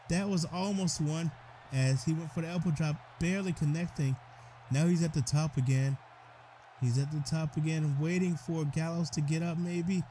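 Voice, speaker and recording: A man doing excitable play-by-play commentary over a wrestling video game, often breaking into exclamations. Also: a little high, slight background noise. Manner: excitable, frequent "oh goodness" exclamations. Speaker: gaming commentator.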